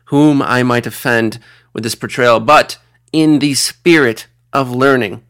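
A man's voice: mid-range voice, steady tone, unhurried, fairly bright tone, clean tone. A man hosting a comedy sketch interview, speaking in a formal, pompous way with flowery phrasing. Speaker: host.

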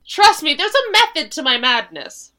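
A woman's voice: high voice, very animated, normal speed, sharp tone. A woman in a tabletop game, bantering playfully. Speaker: player. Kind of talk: casual tabletop play.

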